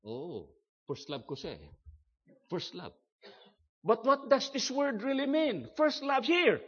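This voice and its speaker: Older pastor preaching real slow, kinda high voice, dull lo-fi recording. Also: male voice, breathy edge. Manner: emphatic, slow and measured, repeats key phrases for stress. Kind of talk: sermon.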